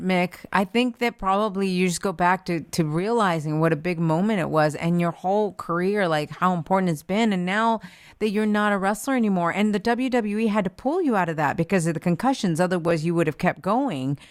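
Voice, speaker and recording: A woman's voice: fairly low pitch, a little fast, no echo, studio quality. A woman hosting an interview, asking upbeat, encouraging questions. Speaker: host.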